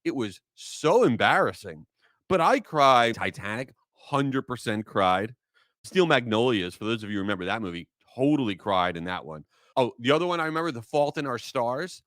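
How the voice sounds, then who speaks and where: A man's voice: fairly low pitch, very animated, fairly quick, a bit bright, no room sound, studio quality. A man hosting his own podcast, talking casually with energy and enthusiasm, drifting into rambling asides. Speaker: podcast host. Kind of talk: casual solo podcast talk.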